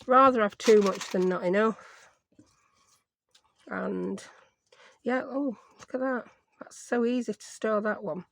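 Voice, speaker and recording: Chatty woman, gravelly. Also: medium pitch, takes it slowly, long pauses. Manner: chatty, rambling, thinks aloud. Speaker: craft vlogger. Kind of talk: casual chat while crafting.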